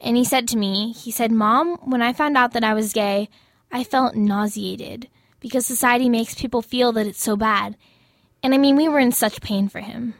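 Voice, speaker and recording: A woman's voice: on the high side, normal speed, no echo, studio quality. A middle-aged woman, a mother, earnestly recounting her son coming out. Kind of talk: personal storytelling.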